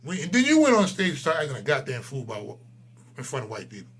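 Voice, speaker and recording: A man in his forties, a channel host, delivering a profane, heated ranting monologue that swings between loud outbursts and low mutters. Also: huge pitch swings, quick pace, slight background noise. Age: 40s.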